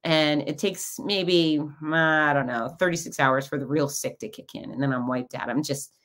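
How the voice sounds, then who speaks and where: A middle-aged woman with a low-pitched voice hosts her own podcast. She tells stories in a relaxed, chatty monologue and often acts out the lines of the people in them. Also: moderate pace. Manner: chatty storytelling with lively quoted asides. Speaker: podcast host. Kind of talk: casual monologue.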